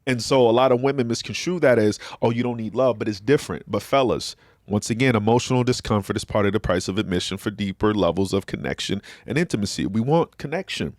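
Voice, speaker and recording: A man's voice: fairly low pitch, lively intonation, quick pace, darkish tone, no echo, studio quality. A man, talking in a slangy, preachy way and acting out quotes. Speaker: podcast host. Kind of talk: casual talk show discussion.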